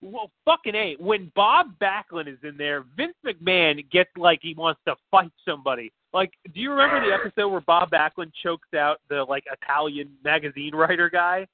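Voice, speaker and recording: A man's voice: fairly high pitch, lively intonation, moderate pace, hardly any pauses, no room sound. A man co-hosting a podcast, rambling casually with lots of fillers and profanity. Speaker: podcast co-host. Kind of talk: casual chat. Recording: tinny phone-like line, dry.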